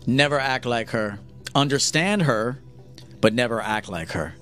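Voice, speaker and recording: A man's voice: mid-range voice, expressive, measured pace, sharp tone, soft background music. A man giving a blunt, profane lecture to men as a dating coach on a livestream.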